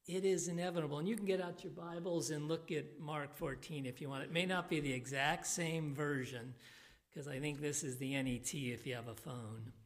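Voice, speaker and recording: A woman preaching a sermon in a church on a handheld microphone, slow and emphatic, turning animated when she voices the people in the passage. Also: low voice.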